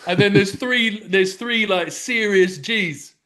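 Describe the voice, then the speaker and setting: A young man, co-hosting a podcast and telling a story in an animated, swear-heavy rant. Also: high-pitched, slow pace. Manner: animated, swears freely, loud anecdotal ranting. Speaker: podcast co-host. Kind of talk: casual chat, storytelling.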